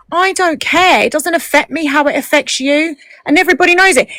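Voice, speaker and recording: A woman's voice: high voice, fairly bright tone, no room sound, rough recording. A woman arguing bluntly and indignantly in casual chat, swearing freely. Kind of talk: heated casual argument.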